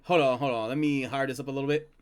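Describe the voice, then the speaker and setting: A man's voice: medium pitch, fairly even intonation, very fast, clear, resonant tone. A man streaming, reacting to old prank calls with casual, laid-back commentary and chatty asides.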